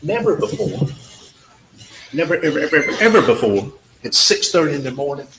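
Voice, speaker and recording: A man's voice: on the high side, very animated, a little fast, a bit bright. Emphatic man arguing to a jury. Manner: emphatic, repetitive, talks directly to jurors, acts out witness exchanges. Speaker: trial attorney addressing a jury. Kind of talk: courtroom closing argument. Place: courtroom. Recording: echoey courtroom audio with faint background noise.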